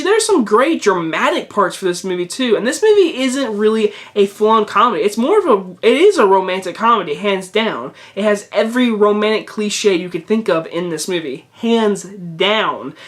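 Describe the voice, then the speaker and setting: A young man with a high, slightly bright voice reviews a movie casually on camera. He is chatty and repetitive, restarting often and filling his speech with fillers.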